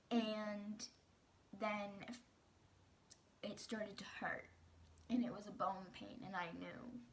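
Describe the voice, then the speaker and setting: A woman's voice: medium pitch, fairly bright tone, slight background noise. A teenage girl candidly telling a personal story in a vlog, rambling with fillers and restarts. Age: teens. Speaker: vlogger.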